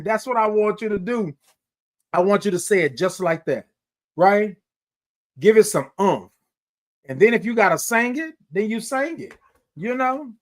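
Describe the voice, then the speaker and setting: Man, high voice, exuberant livestream host, casual motivational chat. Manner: exuberant, sings greetings, reads chat comments aloud.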